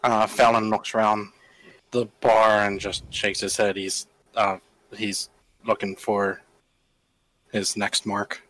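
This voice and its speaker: Male player, low and calm, narrates own actions. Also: slow, pauses often, rough recording. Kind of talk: narrating his character's actions.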